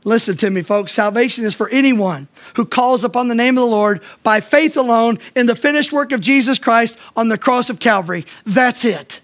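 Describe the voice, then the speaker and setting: A man's voice: very high-pitched, a little fast, few pauses, fairly bright tone. A man pastor preaching a sermon to his congregation, stressing points by repeating them and asking the listeners direct questions. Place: church.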